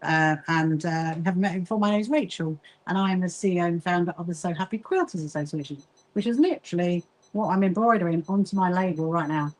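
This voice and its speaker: A woman's voice: lowish voice, expressive, fast, a little mellow, low-quality recording. Chatty woman livestreaming while sewing. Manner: chatty, easily distracted, greets viewers by name. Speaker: livestream host, quilting association founder.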